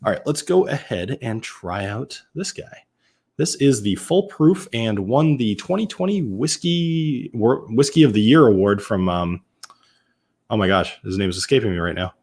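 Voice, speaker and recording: A Massachusetts man with a fairly low, husky, darkish voice hosts a casual live-stream whiskey tasting, speaking expressively at a moderate pace. He chats loosely with viewers, often restarting and correcting himself as he answers them.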